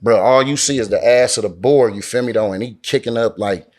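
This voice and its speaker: A man's voice: medium pitch, fairly quick. Man telling a story in Bay slang. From Oakland, California. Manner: animated, acts out quoted dialogue, heavy slang and swearing. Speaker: interview guest. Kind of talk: casual storytelling. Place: lounge in a Las Vegas resort.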